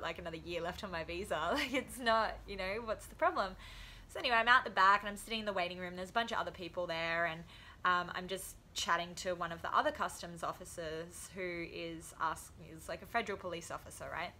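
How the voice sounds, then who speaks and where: A woman's voice: mid-range voice, bright, forceful tone, slight background noise. A young woman telling funny stories in a casual vlog, laughing often and acting out quotes. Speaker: vlogger, professional boxer.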